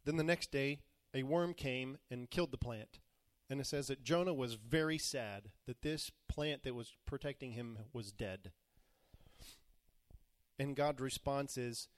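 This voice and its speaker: A man's voice: medium pitch, measured pace, no echo, studio quality. Man preaching a plain-spoken sermon. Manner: retells scripture in plain modern talk, acting out quoted voices. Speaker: pastor.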